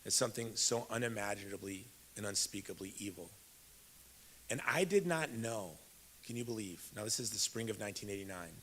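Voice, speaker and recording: Bright-voiced man telling a story. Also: lowish voice, fairly quick, a little hiss or hum. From Chicago, USA. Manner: conversational, addresses the audience directly. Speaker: keynote speaker. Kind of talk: personal storytelling speech. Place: large event hall. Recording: echoey hall.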